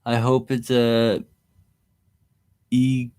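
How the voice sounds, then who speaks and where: A man of ordinary pitch rambles through a casual livestream at an unhurried, slow pace. He talks easily to his chat and chuckles often. The sound is a plain webcam mic in a room at home.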